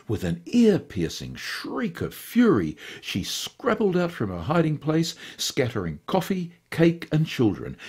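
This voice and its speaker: A man reading a short story aloud for radio in a lively, theatrical manner. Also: mid-range voice, husky. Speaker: volunteer radio story reader. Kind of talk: expressive audiobook narration.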